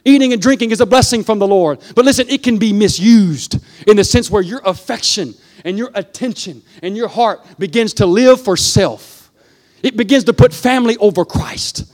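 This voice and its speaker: A male preacher with a notably high voice delivers a fervent sermon. He sinks into hushed, low stretches and then climbs to emphatic peaks. He keeps turning to the congregation with a repeated "listen.". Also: moderate pace.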